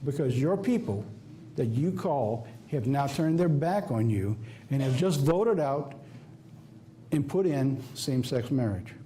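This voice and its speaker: A man's voice: medium pitch, expressive, a little slow, mellow, slight background noise. A man with a Southern US accent preaching a sermon, emphatic and folksy, firing off rhetorical questions. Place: church office or studio.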